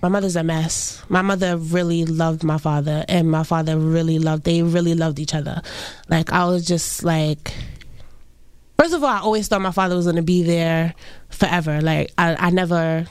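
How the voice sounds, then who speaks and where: A young woman, recounting a personal loss in an interview, halting and full of restarts. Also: low-pitched, fairly even intonation, clear, resonant tone, no room sound. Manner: halting, many fillers and restarts. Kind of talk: emotional personal account.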